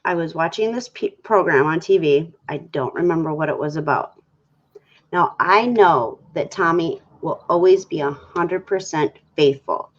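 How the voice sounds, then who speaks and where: A low-pitched woman speaks at a moderate pace as a talk show guest, candidly discussing her relationship. She tells the story with animation, acting out her own past quotes and conversations. The recording has a dull, lo-fi sound.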